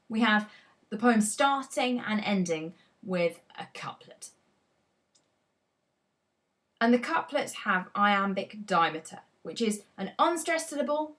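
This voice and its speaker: A woman's voice: mid-range voice, animated, measured pace, fairly bright tone. A woman teacher giving a poetry analysis lesson, talking expressively and reading quoted lines aloud with dramatic emphasis.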